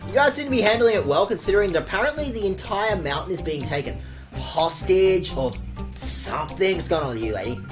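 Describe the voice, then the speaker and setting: A young woman streaming a game, chatting casually with her viewers, sarcastic and quick to swear. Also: lowish voice, expressive, over music.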